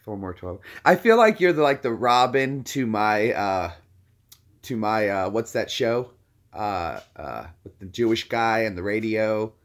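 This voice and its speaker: A man's voice: on the low side, expressive, a little slow. A man hosting a casual live stream, rambling and slipping into voice impressions mid-sentence.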